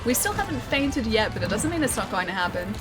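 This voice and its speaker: A woman with an Australian accent speaks quickly in a high-ish, sing-song voice while streaming a game, with loud game music behind her. Chatty and playful, she laughs often, reads chat aloud and calls out her moves as live gameplay commentary.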